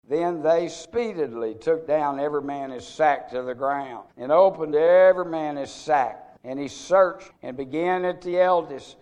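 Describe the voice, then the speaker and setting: A man's voice: fairly high pitch, darkish tone. A man preaching a radio Bible sermon, reading scripture aloud and then explaining it in plain, folksy asides.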